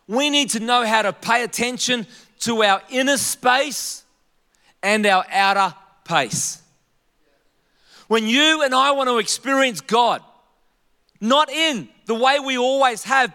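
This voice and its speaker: A man with a very high, bright voice preaching a sermon to his congregation. He talks conversationally, mixes in humor and leans on fillers like "you know." His voice rings out with a long reverb from a church sanctuary. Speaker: pastor and denominational leader.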